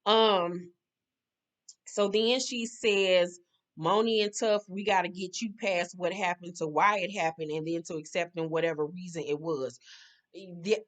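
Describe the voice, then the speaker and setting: Profane, sassy woman recapping reality TV. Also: on the low side. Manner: blunt and profane, heavy slang, sassy asides. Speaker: show recap commentator. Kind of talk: casual reality-TV recap commentary.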